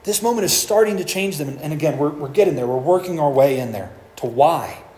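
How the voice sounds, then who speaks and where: A man's voice: on the high side, lively intonation, a little fast, darkish tone, reverberant. A man preaching a sermon, reading scripture passages aloud and explaining them with earnest emphasis and small restarts. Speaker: pastor.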